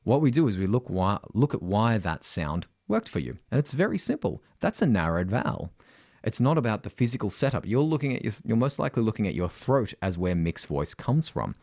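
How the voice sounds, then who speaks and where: A middle-aged Australian man teaching singing, talking directly and often asking "right?", breaking into loud high sung demonstrations. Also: sing-song, a little fast, vocal fry, no room sound, studio quality.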